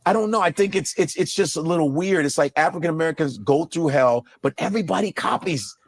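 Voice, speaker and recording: A comedian guest in casual chat, talking in an animated, profane way. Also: male voice, on the high side, quick pace, no room sound. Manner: animated, profane, slips into mock voices.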